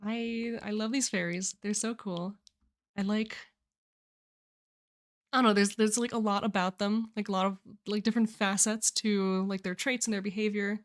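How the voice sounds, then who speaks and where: A woman's voice: mid-range voice, steady tone, normal speed. A young woman hosting a livestream, chatting casually about viewer submissions she reads aloud, gushing and rambling with lots of filler words and restarts. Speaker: livestream host.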